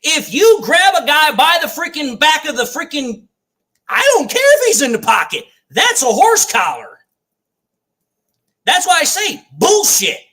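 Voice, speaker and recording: Fired-up male fan host, high animated voice, swears a lot while calling plays. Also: unhurried. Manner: ranting, swears freely, repeats complaints. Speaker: fan watch-party host. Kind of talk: live play-by-play fan commentary.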